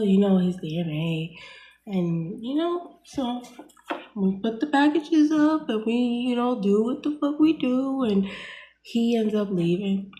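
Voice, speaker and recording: A woman's voice: mid-range voice, mellow, roomy sound. A young woman telling a personal story in a casual vlog, blunt and full of fillers, swearing freely. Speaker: vlogger.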